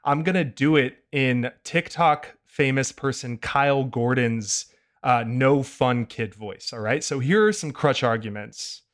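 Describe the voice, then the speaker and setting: A man's voice: mid-range voice, unhurried. Opinionated man hosting a podcast. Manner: opinionated, animated. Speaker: podcast host. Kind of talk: casual podcast chat.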